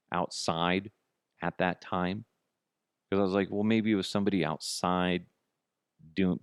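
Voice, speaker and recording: A middle-aged man hosting a podcast, telling profane, comic stories in a casual way and jumping to a high, disbelieving pitch. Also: no echo, clean studio sound. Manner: profane, animated, jumps to high incredulous pitch. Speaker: podcast host. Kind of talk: casual comedic storytelling.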